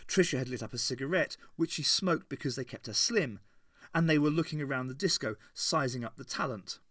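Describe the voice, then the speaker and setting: Male audiobook narrator, mid-pitched, measured, dry studio-close sound. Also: fairly bright tone, dry recording. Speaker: audiobook reader. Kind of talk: scripted narration.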